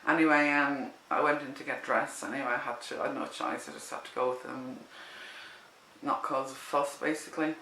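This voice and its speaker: A woman tells a personal story in a loose, rambling way, often breaking off and restarting her sentences. Her voice is bright and sharp-edged. The room around her echoes. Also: a bass voice, a little fast, a little hiss or hum. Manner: animated, rambling, with many restarts. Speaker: vlogger telling a personal story. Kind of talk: casual spoken storytelling.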